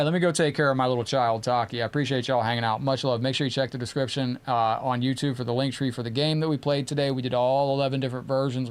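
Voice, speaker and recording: A man hosting a live gaming stream, chatting casually and excitably, praising his opponent and thanking viewers. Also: mid-range voice, clean tone. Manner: chatty and informal, often profane.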